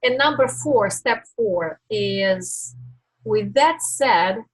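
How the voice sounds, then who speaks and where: A woman life coach giving a live-stream coaching talk, teaching in a slow, deliberate way with reflective pauses. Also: medium pitch, lively intonation, slightly rough, poor audio.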